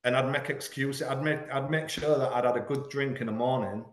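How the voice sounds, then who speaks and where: A man from Hull, frankly telling a painful personal story as a podcast guest, halting at the hardest moments. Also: mid-range voice, echoey room. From Hull, England. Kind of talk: candid personal storytelling in an interview.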